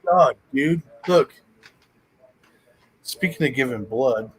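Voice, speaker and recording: A man's voice: mid-range voice, expressive, takes it slowly, breathy edge, poor audio. A man joining a casual live-stream chat as co-host, making crude, teasing remarks.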